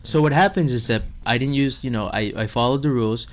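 A man's voice: medium pitch, fast talker. A man, a chef guest, telling stories in casual chat, acting out other people's lines and laughing often.

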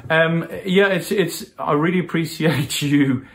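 A man hosting a casual podcast interview, speaking haltingly with many restarts and short backchannels. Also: fairly high pitch. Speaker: podcast host.

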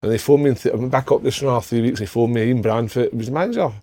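A man's voice: mid-range voice, racing, warm tone, no echo. A middle-aged Scottish man telling sweary, laughing anecdotes in casual podcast chat, acting out other people's lines. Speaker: podcast panellist.

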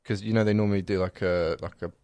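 A man chatting as a podcast co-host, tossing in quick, jokey, slangy remarks. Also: deep voice, steady tone, darkish tone, no room sound. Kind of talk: casual chat.

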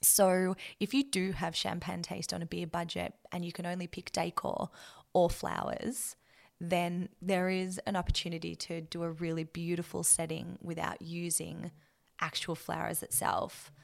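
A woman's voice: fairly low pitch, flat delivery, normal speed, gravelly. A woman hosting a wedding planning podcast, giving emphatic, blunt advice in a casual chat.

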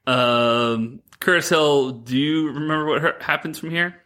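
A man's voice: fairly high pitch, a little slow, bright, forceful tone. A man co-hosting a podcast, rambling through a mocking movie recap and laughing between his lines in casual chat. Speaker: podcast co-host.

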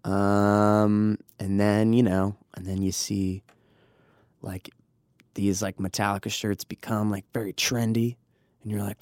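A man's voice: on the low side, moderate pace, dry recording, studio quality. A man telling a comedic personal story in casual chat, swearing often and laughing through it. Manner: profane, laughing, animated.

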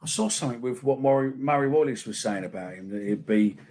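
A middle-aged man chatting about football, hesitant and halting, often repeating himself. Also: medium pitch, darkish tone. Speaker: football podcast co-host. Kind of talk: casual fan chat.

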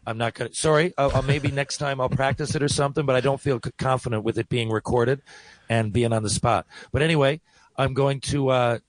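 Man, radio co-host, mid-range voice, chatty and quick, dry studio mic. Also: mid-range voice, steady tone, no echo, rough recording. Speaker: sports radio co-host and actor. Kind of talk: casual sports talk.

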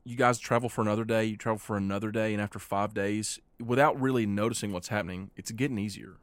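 Low-voiced man narrating as game master. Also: quick pace, dry recording. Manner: relaxed, rambling, with fillers. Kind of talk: narrating a tabletop game podcast. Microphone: podcast mic.

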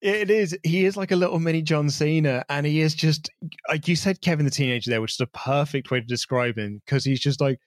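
A man co-hosting a podcast in casual chat, animated and quick to laugh. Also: a little high, no room sound, clean studio sound. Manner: animated, laughing, does mocking impressions. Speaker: podcast co-host.

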